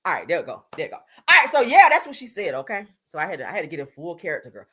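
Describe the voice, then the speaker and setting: A woman's voice: on the low side, huge pitch swings, racing, hardly any pauses, pushed and bright, slightly rough. A woman hosting a live stream, giving blunt, sassy gossip commentary and calling her viewers "honey" and "girl.".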